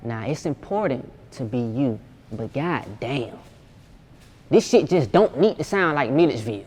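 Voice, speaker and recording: A man's voice: medium pitch, lively intonation, moderate pace, darkish tone, husky. A young man from Georgia, a music producer talking casually and profanely in an interview. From Georgia, USA. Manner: laid-back, slangy, profane.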